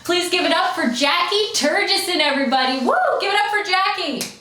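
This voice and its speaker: A woman comedian doing stand-up, telling playful stories with lively swings in her voice. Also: fairly quick, background noise. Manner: playful, animated storytelling with swings in pitch. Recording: echoey room from far off.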